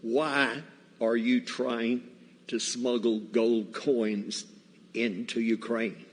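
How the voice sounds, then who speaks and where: A man's voice: mid-range voice, flat delivery, big-room sound, slight background noise. A man putting on a stern young soldier with broken English. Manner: gruff questioning, halting English.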